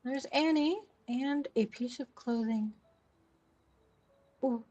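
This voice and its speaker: A woman's voice: a little high, takes it slowly, mellow, no room sound, distant mic, muffled recording. A young woman streaming a cozy game, chatting casually and reading the on-screen text aloud.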